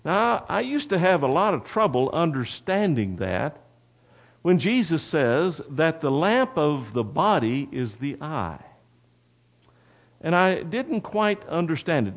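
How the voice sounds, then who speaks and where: Man, preacher, sermon, folksy, unhurried, talks directly to congregation. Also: a little high, sing-song. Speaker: pastor. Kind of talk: sermon with storytelling.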